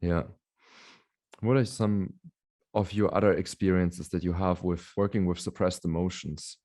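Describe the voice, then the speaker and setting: A male podcast host in relaxed interview talk, affirming his guest with frequent soft murmurs of agreement. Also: low-pitched, measured pace. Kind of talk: conversational interview.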